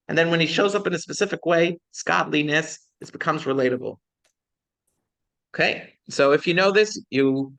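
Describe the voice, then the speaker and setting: A man's voice: a little high, fairly bright tone. A man, a rabbi, teaching a class in a conversational lecture style, often checking in with his students and asking them questions.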